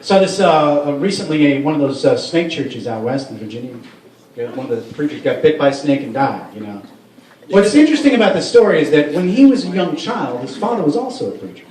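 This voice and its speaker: High-voiced man doing stand-up. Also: very animated, a little fast, a little mellow. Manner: rambling, profane, with frequent restarts. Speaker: stand-up comedian. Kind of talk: stand-up comedy set. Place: comedy club. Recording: roomy room sound from a far mic.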